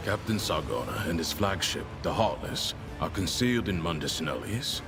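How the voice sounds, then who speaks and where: A man's voice: low voice, lively intonation, moderate pace, music in the background. An actor playing a stern male enforcer officer who gives formal, clipped orders.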